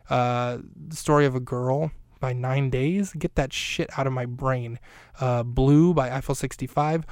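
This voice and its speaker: A man talking alone on his podcast, recapping an episode in a loose, wandering way and cracking jokes at his own expense. His voice is smooth and clean, sits at an ordinary middle pitch and is recorded close and dry, with no room sound. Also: a little mellow, dry recording. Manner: rambling, self-deprecating, jokey asides. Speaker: podcast host. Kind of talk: casual solo episode recap.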